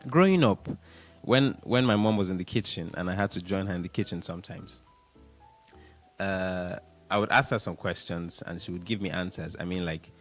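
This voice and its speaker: A man's voice: low voice, normal speed, faint music behind. Man hosting a radio show. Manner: chatty, animated, laughs, counts aloud. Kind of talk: casual radio talk. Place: radio studio.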